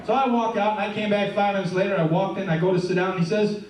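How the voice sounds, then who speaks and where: A man's voice: high voice, very animated, fast, a little hiss or hum. A middle-aged man doing stand-up comedy, telling jokes in a chatty way and asking the crowd questions, live on stage. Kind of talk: stand-up routine with audience banter. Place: live stage before an audience. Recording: echoey room, heard from far off.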